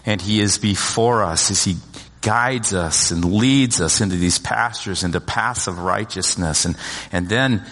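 Middle-aged male pastor, storytelling sermon, bright tone, long church reverb. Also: lowish voice, a little slow. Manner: storytelling with humor, lively asides to congregation. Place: church sanctuary.

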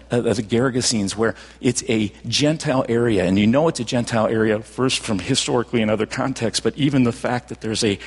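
Pastor preaching in a reverberant church. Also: male voice, mid-range voice, breathy edge. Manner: storytelling, swings from loud emphasis to hushed near-whisper. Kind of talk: sermon. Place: church sanctuary.

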